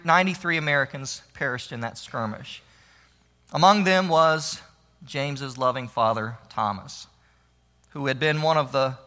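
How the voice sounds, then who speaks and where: A man giving a historical storytelling talk, with dramatic, emphatic delivery that drops to a hush. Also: a little high. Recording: long reverb of a large hall.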